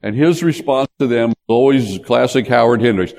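A man's voice: mid-range voice, sing-song, normal speed, vocal fry, darkish tone. A man preaching a sermon as a pastor, with an emphatic, preacherly cadence that rises on key points. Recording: long hall reverb.

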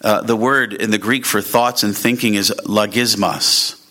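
Male pastor, bright forceful tone, earnest sermon delivery that climbs on emphatic lines. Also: steady tone, unhurried. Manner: earnest preaching, rising in pitch at emphatic points.

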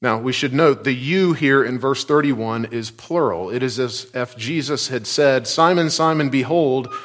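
A man from Georgia preaching a sermon. He talks in an earnest, emphatic way and lets his lines drop low and soft at the ends. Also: measured pace.

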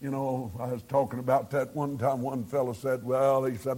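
A man's voice: medium pitch, flat delivery, moderate pace, hardly any pauses, mellow. A man preaching a sermon, telling folksy stories and building to fervent emphasis.

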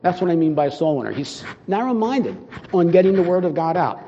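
An older man gives a loose, chatty sermon with a fairly high voice, wandering off track and playing out short exchanges with made-up listeners. The sound is dull and muffled and rings in a long hall echo. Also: expressive, brisk, warm tone, slight background noise. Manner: rambling, conversational, acts out little dialogues. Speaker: preacher. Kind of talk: informal sermon.

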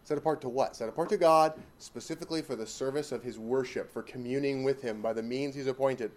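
A man's voice: medium pitch, fast, a little hiss or hum. A man teaching a catechism lesson. He talks emphatically, asks rhetorical questions and repeats his key words. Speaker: Bible teacher.

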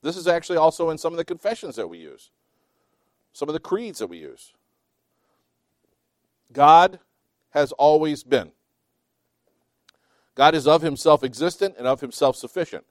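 A man teaching a Bible class, reading scripture slowly with emphasis between chatty asides and small self-laughs. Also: fairly high pitch, animated, no echo, clean studio sound.

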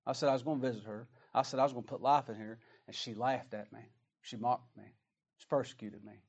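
God as a firm, grieved voice, as a man puts it on, low and quick. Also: fairly even intonation, gravelly, darkish tone, slightly rough.

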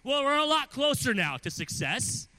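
A bright, high-pitched man in his thirties preaches with earnest conviction. He moves between hushed stretches and forceful, loud emphasis. The sound is dry and close. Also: very animated, normal speed, no echo, poor audio. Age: 30s. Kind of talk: sermon.

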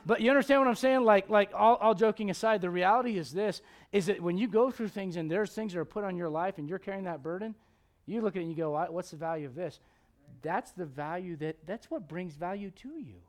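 A man preaching a sermon as pastor, conversational with jokes, swinging from loud emphatic peaks to hushed low passages. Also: a little fast.

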